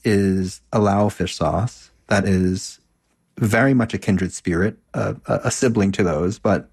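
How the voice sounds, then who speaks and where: A man hosting a casual interview, asking curious questions in a relaxed, drawn-out way. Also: lowish voice, vocal fry, breathy edge. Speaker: podcast host.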